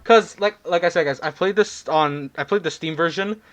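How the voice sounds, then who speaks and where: A young man giving casual, rambling let's-play commentary, speaking softly because it is late at night. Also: on the high side, normal speed, faint music behind. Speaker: gaming YouTuber.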